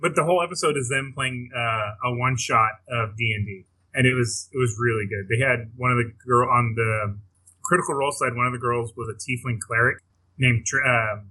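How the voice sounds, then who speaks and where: A man with a husky, tense and sharp voice rambles through a casual podcast chat. He keeps restarting his sentences and laughs as he talks. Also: mid-range voice, a little fast, poor audio. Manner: rambling, restarts phrases, laughs while talking. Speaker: podcast co-host.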